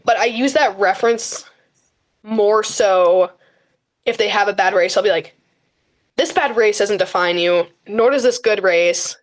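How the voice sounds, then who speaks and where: A teenage girl talking as a podcast guest in a casual interview, chatty and full of fillers, often acting out her own words to others. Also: mid-range voice. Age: high school teen. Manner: chatty, frequent fillers and quoted self-talk. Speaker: guest, high school runner.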